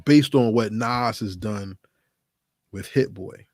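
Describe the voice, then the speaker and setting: A man's voice: lowish voice, takes it slowly, a little mellow, no room sound, clean studio sound. A man hosting a hip-hop commentary channel, talking casually and emphatically to his viewers, with plenty of rhetorical questions. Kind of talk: casual solo commentary to camera.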